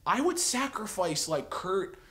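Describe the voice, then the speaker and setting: A man's voice: high-pitched, sing-song, unhurried, a bit bright. A man giving an opinionated, rambling TV review, exasperated and sarcastic, full of filler words. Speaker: TV episode reviewer.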